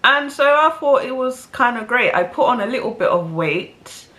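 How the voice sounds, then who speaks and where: A woman's voice: on the high side, animated, normal speed, sharp tone. Chatty woman with stuffy nose. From South London. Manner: chatty, rambling with fillers and self-aware asides. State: stuffy nose from hay fever. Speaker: vlogger. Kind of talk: casual storytelling to camera.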